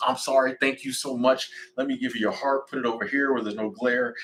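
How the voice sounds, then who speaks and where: A man in his forties chatting casually on a livestream, rambling and animated. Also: medium pitch, a little fast, slight background noise, rough recording. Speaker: livestream host.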